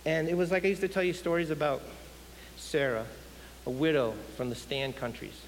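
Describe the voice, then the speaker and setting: Animated male preacher in a reverberant hall. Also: on the high side, normal speed. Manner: animated, asks the audience questions. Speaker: guest speaker. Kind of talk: sermon. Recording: hissy hall with long reverb.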